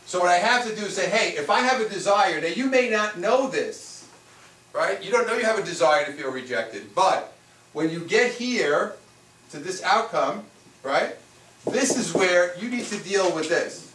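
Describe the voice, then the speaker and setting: Male spiritual teacher addressing a small room, somewhat high-pitched, recorded from across the room. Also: expressive, a little slow, a bit bright. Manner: repetitive, asks rhetorical questions. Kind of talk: workshop teaching to a live audience. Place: room with a small live audience. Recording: echoey room, mic far off, faint noise.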